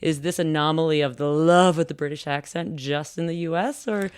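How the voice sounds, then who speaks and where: A woman's voice: sits low, fairly quick, darkish tone, clean tone, no echo, clean studio sound. A woman hosting a podcast, chatting playfully and teasing her guest in a casual interview. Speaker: podcast host.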